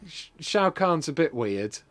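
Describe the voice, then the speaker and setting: A man on a podcast spinning a tall tale with a straight face, his voice sitting a little high. He gets suddenly loud at the dramatic beats, then drops back to a mutter. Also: unhurried. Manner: animated, deadpan tall-tale telling with sudden jumps in volume. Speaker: podcast co-host. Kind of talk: comic storytelling on a podcast.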